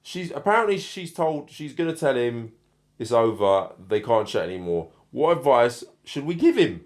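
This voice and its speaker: A man co-hosting a casual podcast, calm, steady and reassuring. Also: mid-range voice, moderate pace. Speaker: co-host.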